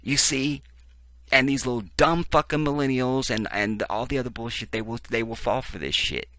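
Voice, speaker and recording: In a ranting video, a man reads passages aloud and keeps interrupting with angry, sarcastic, foul-mouthed reactions to the politics. He speaks at a normal speed in a medium-pitched voice with a fairly bright tone.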